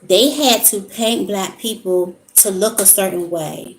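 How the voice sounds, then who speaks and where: A woman's voice: mid-range voice, measured pace. Chatty woman in an echoey room. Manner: conversational, rambling storytelling. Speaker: spiritual vlogger. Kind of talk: casual monologue.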